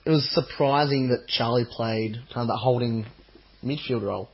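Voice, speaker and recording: A man co-hosting a football podcast, talking enthusiastically and chiming in with quick agreements. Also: medium pitch, slightly rough. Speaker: podcast co-host. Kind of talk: casual football chat. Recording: dull lo-fi podcast audio.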